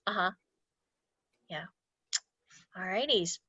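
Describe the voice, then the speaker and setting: A woman's voice: fairly low pitch, expressive, slow, sharp tone, slightly rough, dry recording. A young woman from California presenting an online culture workshop, chatty and laughing often. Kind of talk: casual online workshop teaching. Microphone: video call. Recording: dull lo-fi video call audio.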